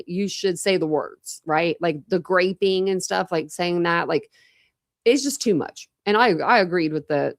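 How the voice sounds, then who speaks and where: A woman's voice: on the low side, no echo, studio quality. A woman hosting a true crime livestream, chatting casually and greeting viewers by name with lots of fillers. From Ohio, United States.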